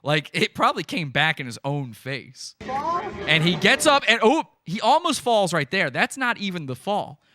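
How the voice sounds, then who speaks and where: A man's voice: sits high, sing-song, moderate pace, pushed and bright. A man hosting a podcast, giving gleeful, mocking live commentary on stream footage and breaking into laughter. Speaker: podcast host.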